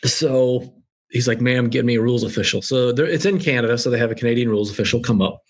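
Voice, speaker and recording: A man with a slightly husky voice tells a golf story as a guest on a show. He talks with lively energy, mimicking the people in the anecdote. The delivery is casual and conversational. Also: medium pitch, fast talker. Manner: lively anecdotal storyteller, acts out quoted dialogue. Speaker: guest author. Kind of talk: animated storytelling.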